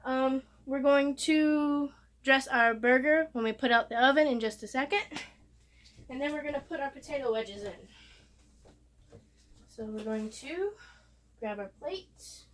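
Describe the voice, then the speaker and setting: A woman's voice: high-pitched, a little slow, pauses often, a bit bright, a little hiss or hum. A woman talking casually through a cooking demonstration in her home kitchen, chatty and explaining each step as she goes. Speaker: cooking vlogger. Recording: voice a bit far from the mic.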